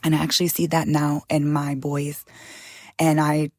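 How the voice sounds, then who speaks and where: An older woman in an interview, a chef and author speaking in a heartfelt, halting way, close to tears at moments. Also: sits low, monotone, no echo. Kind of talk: emotional interview conversation.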